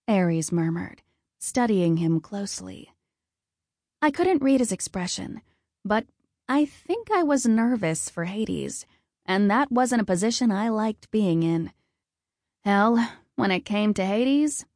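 A woman narrating a first-person fantasy story in a calm, even storytelling manner. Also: medium pitch, measured pace, no echo, clean studio sound. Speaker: audiobook narrator.

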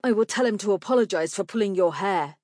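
A woman's voice: medium pitch, fast talker, darkish tone, no room sound, clean studio sound, lightly acted. A woman reading aloud, voicing an earnest, well-mannered young boy who speaks formally.

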